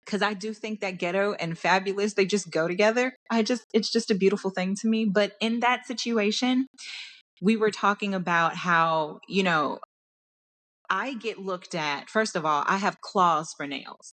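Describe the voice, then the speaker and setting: A woman's voice: mid-range voice, normal speed, fairly bright tone. A young woman from Dallas with a Texan accent, talking candidly and passionately in a personal podcast monologue, often restarting her sentences. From Dallas, Texas. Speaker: podcast host.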